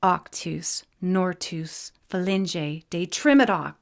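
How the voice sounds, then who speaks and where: A proud, hot-tempered winged male warrior gives short, commanding lines, as a woman narrator reads him. The voice is fairly low and clipped, like a fantasy audiobook. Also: takes it slowly, gravelly. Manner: terse and commanding.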